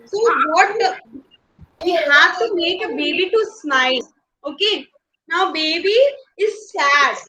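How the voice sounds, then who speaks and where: A woman's voice: extremely high pitch, unhurried, sharp tone, a little hiss or hum, low-quality recording. A young woman with an Indian English accent teaching small children in an online class, playful and coaxing, asking lots of questions and laughing often. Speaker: nursery teacher.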